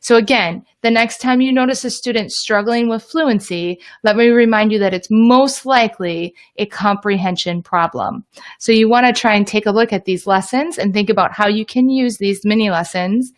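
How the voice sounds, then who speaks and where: A woman's voice: mid-range voice, moderate pace. A woman explaining reading lessons to teachers in an upbeat, direct teaching talk. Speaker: teacher trainer.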